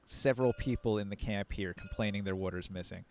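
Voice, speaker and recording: A man's voice: on the low side, brisk, a crowd in the background. A man narrating as game master on a live stream, playful and rambling, with laughing asides into a close mic.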